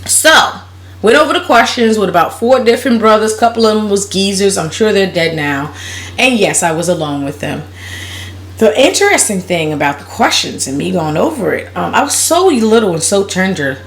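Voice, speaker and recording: A woman's voice: mid-range voice, fairly bright tone, reverberant, slight background noise. A woman vlogger telling a personal story in a casual, blunt and profane way, laughing as she goes.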